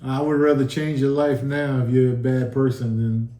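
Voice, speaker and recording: A man's voice: medium pitch, fairly even intonation, moderate pace, mellow. Earnest man telling a story, echoey room. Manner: earnest storytelling, acts out quoted dialogue. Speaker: guest telling his near-death story. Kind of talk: casual sit-down testimony.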